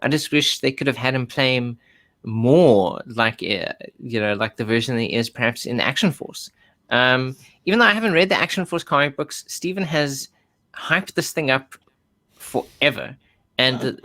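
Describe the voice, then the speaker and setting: A man's voice: medium pitch, bright, forceful tone. A South African man co-hosting a casual podcast, talking with frequent ums and restarts. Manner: hesitant, many ums and restarts. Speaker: podcast co-host. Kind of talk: casual chat.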